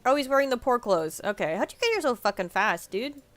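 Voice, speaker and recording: A woman's voice: fairly high pitch, sing-song, fairly quick, no room sound. Rambling woman game streamer, joking and swearing, close dry sound. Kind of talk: casual gaming commentary.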